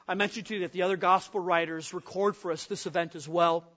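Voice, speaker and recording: A pastor from the upper Midwest preaching a sermon, asking the congregation questions and acting out the voices of frightened men. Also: male voice, sits high, fairly even intonation, fast, fairly bright tone, dull audio.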